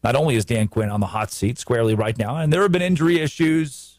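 A man's voice: mid-range voice, fast talker, no room sound. Man, sports talk host, emphatic, repeats himself, dry close sound. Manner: emphatic and animated, with frequent restarts and repetition. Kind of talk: animated sports commentary.

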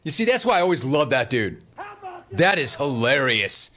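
A man's voice: medium pitch, sing-song, normal speed, heavy background noise. A man hosting a sports talk show, talking casually and sarcastically, often breaking into laughter while reading chat. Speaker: sports talk radio host.

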